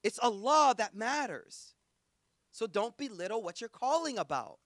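Guy preaching casual, real high voice, dry close sound. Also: very animated, a little slow, fairly bright tone, dry recording. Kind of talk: sermon.

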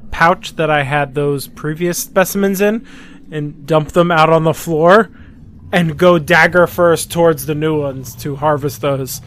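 Slow, laid-back man playing a tabletop game. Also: on the high side, steady tone, a bit bright. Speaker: player. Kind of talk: casual tabletop game chat.

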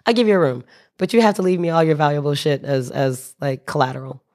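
A woman's voice: deep voice, animated, fast, a little mellow. A woman voicing an older hotel owner who is kind but firm and matter-of-fact, slightly detached from the trouble in front of her.

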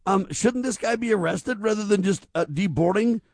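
A man's voice: high-pitched, moderate pace, darkish tone, no echo, clean studio sound. A man hosting a talk radio show, speaking emphatically and stacking rhetorical questions. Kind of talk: conservative talk radio commentary.

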